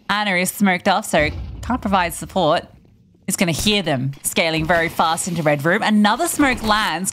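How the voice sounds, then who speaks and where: A woman commentating an esports match, teasing her co-caster between lively play-by-play calls. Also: mid-range voice, slight background noise.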